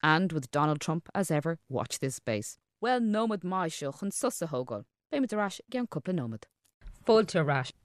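A woman's voice: deep voice, big pitch swings, normal speed, dry recording, clean studio sound. Wry woman presenting radio. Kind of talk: scripted radio links.

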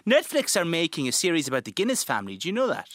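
An Irish man in his forties, a radio guest telling stories in an animated, chatty way. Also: a little high, no echo, studio quality. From Ireland. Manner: animated storyteller, quick asides. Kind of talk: casual chat.

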